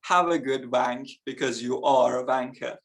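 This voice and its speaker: A man's voice: mid-range voice, normal speed, creaky. A young man performing a stand-up comedy set, chatty and self-mocking, laughing between his lines. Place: live comedy event on stage.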